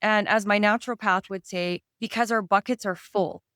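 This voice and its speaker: Canadian lady coach, smooth clear voice, dry close sound, explains stuff earnestly. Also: medium pitch, fairly even intonation, moderate pace, a bit bright, no room sound. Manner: earnest, explains with everyday examples. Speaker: stress and anxiety coach, guest. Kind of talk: conversational interview.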